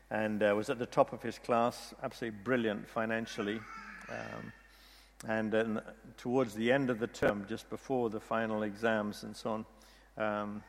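A man with a low, gravelly voice tells a story at an easy, rambling pace, stumbling over and repeating words. His voice rings out in a hall with a long echo. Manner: rambling storyteller with frequent restarts. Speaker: speaker retelling a story from a book. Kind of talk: storytelling talk.

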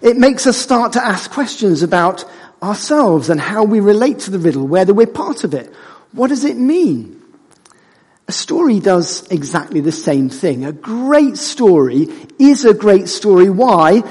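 A husky-voiced man preaching to his congregation, his tone high and swinging widely as he jokes and teases. His voice rings out with a long reverb through a church hall. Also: unhurried. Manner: animated and conversational, jokes with the congregation. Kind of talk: sermon.

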